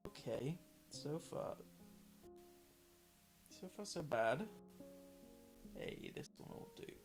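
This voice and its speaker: A man's voice: fairly high pitch, animated, slow pace, rough recording. A young man from northern England chatting casually and rambling through a late-night livestream, tired and self-deprecating, with frequent ums. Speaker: livestream host painting along. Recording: background music playing under the voice. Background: guitar music.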